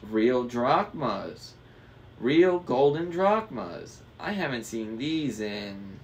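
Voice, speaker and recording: A man voicing a smooth, greedy ferryman of the dead who poses as a guard, in a put-on British-ish foreign accent, sweetly cold and drawing out his words. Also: mid-range voice, very animated, measured pace, a little hiss or hum. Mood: smug, greedy.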